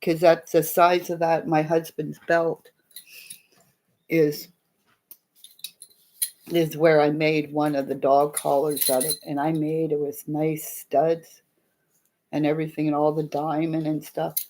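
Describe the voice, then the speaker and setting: A woman's voice: low-pitched, little pitch movement, takes it slowly, long pauses, darkish tone, slight background noise. A middle-aged woman, chatting casually and rambling as she hosts a live stream for viewers, laughing often along the way. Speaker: livestream host.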